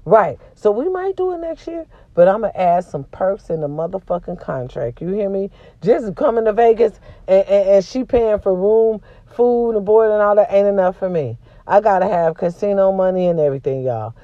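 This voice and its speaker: A woman's voice: mid-range voice, lively intonation, normal speed, few pauses, dry recording, lo-fi sound. A woman hosting a casual vlog, venting to her viewers in a blunt, profane way, with a sore throat from a cold. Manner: blunt and profane, swings between loud and quiet. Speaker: vlog host.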